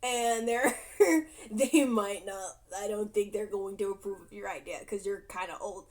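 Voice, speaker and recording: A woman's voice: mid-range voice, unhurried, darkish tone. A young woman casually recapping a movie for her vlog, chatty and giggly, animating her retelling. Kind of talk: casual chat.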